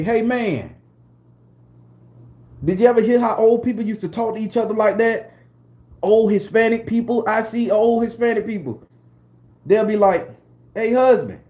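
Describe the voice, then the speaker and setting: A man from southern Florida with a Southern American accent, hosting a casual live-stream talk, animated and profane, often breaking into high exclamations. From southern Florida, USA. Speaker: spiritual channel host.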